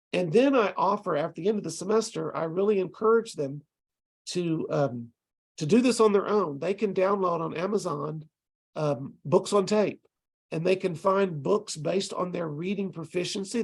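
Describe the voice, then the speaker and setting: Older male ESL teacher, gravelly and a bit husky, chatty video-call workshop delivery with lots of restarts. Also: fairly high pitch, a little mellow. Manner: conversational, with frequent restarts and repeated words. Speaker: ESL teacher presenting to tutors. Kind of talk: online tutor training talk.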